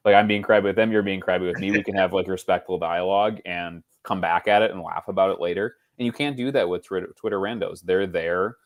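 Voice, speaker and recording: Low-voiced, rambling podcast guy. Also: steady tone, quick pace, hardly any pauses. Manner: rambling, mimics others in raised voices. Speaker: podcast co-host. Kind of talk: casual chat.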